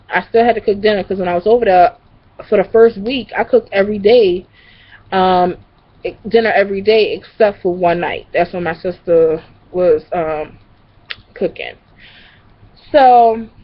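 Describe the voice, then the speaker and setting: A young woman telling a casual story to her camera, rambling and profane, with lots of fillers. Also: medium pitch. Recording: dull lo-fi recording.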